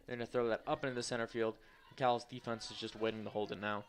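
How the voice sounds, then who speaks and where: A man's voice: fairly low pitch, flat delivery, quick pace, a little hiss or hum. A young man doing live play-by-play for a college women's soccer game. He is a bit tired and mixes loose, joking asides into the call. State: tired, yawning. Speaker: play-by-play commentator. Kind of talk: live sports commentary.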